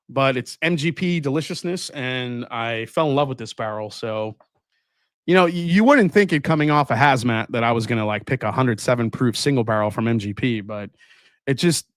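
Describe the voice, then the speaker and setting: A man's voice: medium pitch, no room sound, studio quality. A man hosting a casual whiskey review show, sarcastic and profane, mocking marketing copy.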